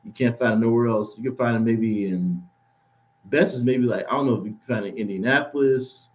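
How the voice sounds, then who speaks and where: A man from Ohio hosts a podcast in a relaxed, chatty way. He rambles through his points and laughs easily. His voice sits at an ordinary middle pitch. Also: brisk. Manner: loose, rambling, laughs often. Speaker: podcast host. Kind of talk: casual chat.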